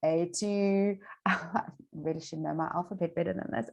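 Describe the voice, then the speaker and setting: Coaching viewers on manifesting, an Australian woman talks to camera in a chatty, upbeat way, repeating points and leaning on fillers. She's low-pitched and gravelly, steady at a normal speed, and the recording is low quality.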